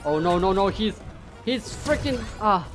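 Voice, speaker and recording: Excitable swearing gamer guy. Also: sits high, unhurried, over music. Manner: excitable, swears a lot, taunts opponents; bursts into loud yelling when winning or losing. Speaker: gaming YouTuber. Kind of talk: live gameplay commentary.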